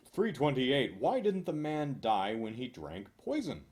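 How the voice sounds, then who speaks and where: Slow deadpan male joke reader with a lively, swooping delivery and dry asides. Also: medium pitch. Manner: deadpan, dry asides, chuckles at own jokes. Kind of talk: reading jokes aloud with asides.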